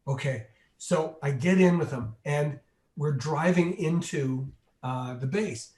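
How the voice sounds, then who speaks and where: A man, a guest in an interview, telling a long behind-the-scenes anecdote with lively energy and acting out the voices of the people in it. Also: a little high, moderate pace. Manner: animated, acts out the people in his story. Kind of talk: anecdotal storytelling. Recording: roomy echo.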